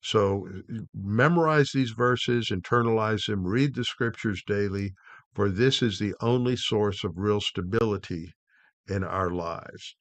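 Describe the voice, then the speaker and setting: A middle-aged man teaches from scripture in a devotional tone. His voice sits low, and the recording is dry with no room sound. He speaks unhurriedly, often stopping on "uh" and restarting phrases. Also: no echo. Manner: unhurried, with frequent "uh" pauses and restarts. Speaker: Bible teacher.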